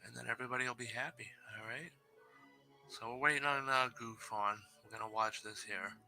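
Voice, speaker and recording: A man with a very bright, sharp tone hosts a casual live stream over a headset mic. He chats loosely, pokes fun at himself and reads scary stories aloud. Faint music plays behind him. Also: medium pitch, fairly even intonation, brisk. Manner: loose, chatty and self-deprecating, laughs often. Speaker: live show host.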